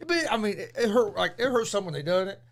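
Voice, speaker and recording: A man's voice: high voice, very animated, fast talker, a crowd in the background. A man in casual chat on a sports show, blunt and plain-spoken, swearing freely as he recounts getting hit.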